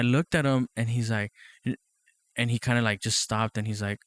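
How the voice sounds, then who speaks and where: A man's voice: mid-range voice, fairly even intonation, moderate pace, a bit bright, no room sound. A man hosting his own podcast in a casual, profane, rambling monologue, often laughing and asking "you know what I mean". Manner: laughs often between thoughts. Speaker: podcast host.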